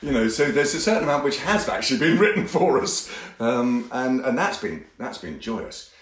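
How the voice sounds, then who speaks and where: A man, an actor, talking about his work in an enthusiastic, expressive way with a few restarts. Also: mid-range voice, moderate pace. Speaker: actor, guest. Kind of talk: conversational interview. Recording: roomy, echoey sound.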